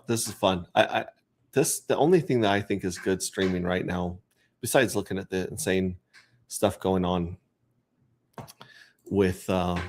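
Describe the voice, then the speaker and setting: A man with a lowish voice talks casually on a livestream. He rambles, jokes, and reads chat names aloud one after another. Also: a little hiss or hum. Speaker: crypto livestreamer.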